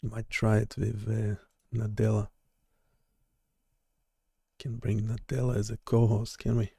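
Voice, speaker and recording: A man hosting a live coding stream, chatting casually and haltingly with lots of fillers and restarts. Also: lowish voice, little pitch movement, vocal fry, dark tone, breathy edge, dry recording, studio quality. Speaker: live-stream host and developer.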